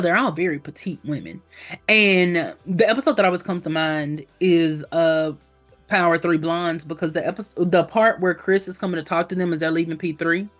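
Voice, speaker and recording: A woman hosting a casual podcast chat. She talks animatedly and slips into playful character voices with sudden pitch leaps. Faint music sits quietly behind her. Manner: animated, acts out characters with big pitch jumps. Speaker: podcast host.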